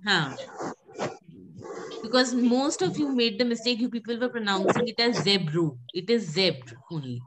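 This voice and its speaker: A woman's voice: fairly high pitch, expressive, moderate pace, pauses often. A woman teaching French pronunciation in an online class, patiently repeating words and calling on students by name. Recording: noisy background.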